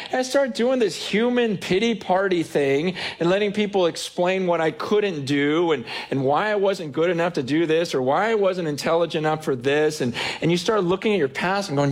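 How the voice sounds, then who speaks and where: A male pastor preaching with a fairly high voice. He talks earnestly and conversationally in front of his congregation and stumbles over repeated words now and then. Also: a little fast, hardly any pauses. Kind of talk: sermon.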